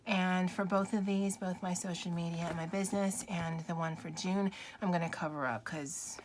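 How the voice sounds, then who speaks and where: A woman's voice: on the low side, fairly even intonation, moderate pace, background noise. A woman chatting casually to her viewers as a planner vlogger, giggly and self-deprecating. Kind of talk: casual chat to camera.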